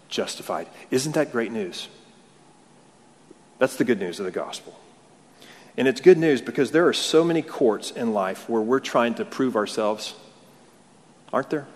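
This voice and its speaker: A man's voice: mid-range voice, lively intonation, normal speed, long pauses. A male pastor preaching a conversational sermon, full of rhetorical questions and repeated words. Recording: long hall reverb.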